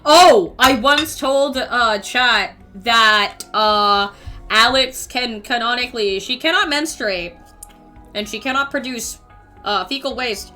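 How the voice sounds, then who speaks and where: A woman's voice: fairly high pitch, takes it slowly, bright, forceful tone, faint music behind. A young woman streaming in casual chat, swearing freely, laughing often, and rambling with lots of energy.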